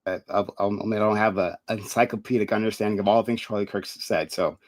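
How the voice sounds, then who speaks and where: A man's voice: on the low side, fairly even intonation, fast talker, no room sound. A man debating hesitantly, with many fillers and apologies. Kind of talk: casual debate.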